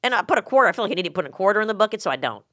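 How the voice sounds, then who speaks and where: A woman's voice: medium pitch, very animated, racing, fairly bright tone, no room sound, studio quality. A middle-aged woman with a Southern American accent, hosting a casual interview and teasing her guest with frequent laughs. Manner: chatty, teasing, laughs often. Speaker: host.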